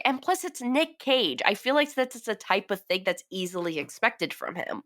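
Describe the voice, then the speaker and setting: A woman's voice: on the high side, normal speed, few pauses. A woman co-hosting a film review podcast, chatting casually, laughing and acting out quotes. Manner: animated, laughs often, acts out quotes. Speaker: podcast co-host.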